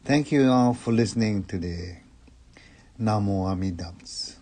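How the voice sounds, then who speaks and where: A man giving a Dharma talk as a Buddhist minister, measured and calm. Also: fairly low pitch. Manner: slow, measured and calm delivery.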